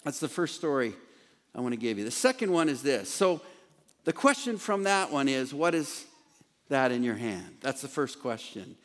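A man preaching a sermon as pastor in an animated way, with joking asides and laughs at himself. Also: medium pitch, normal speed. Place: large church hall, former theater. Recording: echoey hall.

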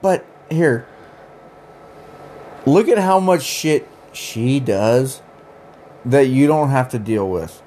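Young guy cohosting a podcast, jokey and teasing, swears a lot, medium pitch. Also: lively intonation, slow, pauses often, warm tone, slight background noise. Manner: joking, teasing, swears casually. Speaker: podcast co-host. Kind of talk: casual chat.

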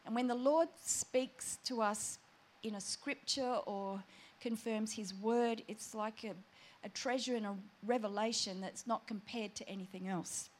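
Chatty woman preaching, fairly high. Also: measured pace, slight background noise. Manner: animated, chatty storytelling. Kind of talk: personal testimony sermon.

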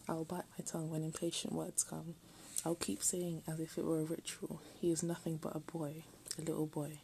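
A woman reading a text aloud in a soft, often half-whispered voice, breaking off for self-mocking jokes. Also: low-pitched, flat delivery, fairly quick, slight background noise, poor audio. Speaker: reader.

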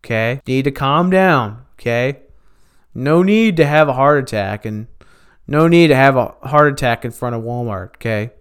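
A man hosting a podcast, telling rambling stories in a halting way and chuckling at them. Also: medium pitch, smooth. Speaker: podcast host. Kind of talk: casual storytelling podcast.

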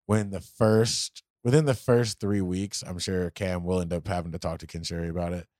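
A man co-hosting a casual anime podcast, talking loosely with slang and swearing, acting out quick quotes from the shows. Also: low voice, steady tone, darkish tone, no echo, studio quality. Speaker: podcast co-host.

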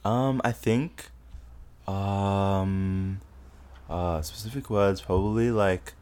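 A man hosting a podcast in casual chat, with a mixed Australian and British accent, relaxed and rambling with lots of filler words. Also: low-pitched, extremely slow, clean tone. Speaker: podcast host.

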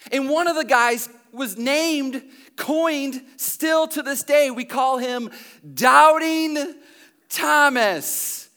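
A man's voice: very high voice, extremely slow, sharp tone. A male pastor giving a sermon in a conversational way, full of restarts and asides, in church.

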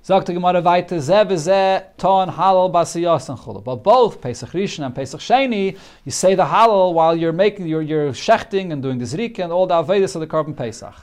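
A man's voice: high voice, expressive, a little fast, hardly any pauses, darkish tone. A man teaching a Talmud class, reading each phrase of the text and explaining it in English, often restarting his sentences. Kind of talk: Talmud lesson, translating Hebrew and Aramaic phrase by phrase.

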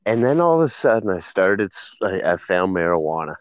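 A man's voice: deep voice, sing-song, fairly quick. A man chatting casually, rambling and laughing often at his own jokes. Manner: giggly, laughs often, rambling stoner banter. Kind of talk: casual chat. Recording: dull, muffled dry sound.

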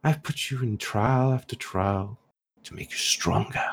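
A man voicing a scheming figure who speaks into a hero's mind, smug, patronizing and softly menacing. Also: fairly low pitch, measured pace, vocal fry, a little hiss or hum.

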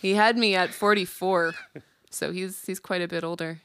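A woman's voice: on the low side, steady tone, normal speed, fairly bright tone. A woman co-hosting a casual chat show, telling candid, self-mocking stories and laughing often. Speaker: podcast co-host.

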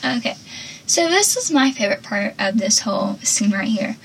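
A woman's voice: mid-range voice, lively intonation, normal speed, vocal fry, a little hiss or hum. A young woman giving casual, gushing fan commentary on a TV show, chatty and full of "like". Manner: chatty, gushing, heavy use of "like".

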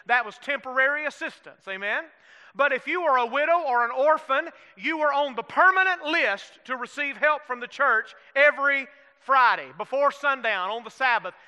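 Man, Southern accent, pastor preaching, smooth resonant voice, long church reverb. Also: extremely high pitch, bright, forceful tone. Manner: folksy, calls for amens, asks the room questions. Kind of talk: sermon. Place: church sanctuary.

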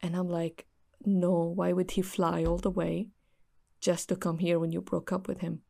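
A woman's voice: on the low side, flat delivery, normal speed, vocal fry, warm tone. A young woman earnestly recounting a friend's story in casual chat.

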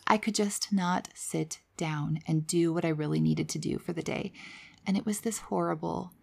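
A woman's voice: on the low side, gravelly, darkish tone. A woman telling her personal story on her own podcast in a candid, conversational, reflective way.

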